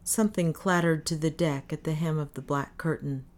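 A woman narrating a story as an audiobook, in a measured, even reading. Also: low-pitched.

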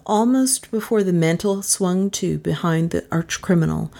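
Woman, audiobook narrator, dramatic expressive reading, lower pitch. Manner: expressive, rising pitch at tense moments.

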